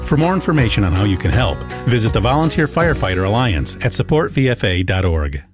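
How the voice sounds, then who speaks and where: A male announcer making an earnest public service appeal in an expressive voice that rises and falls. Guitar music plays clearly beneath him. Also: lowish voice, fast talker.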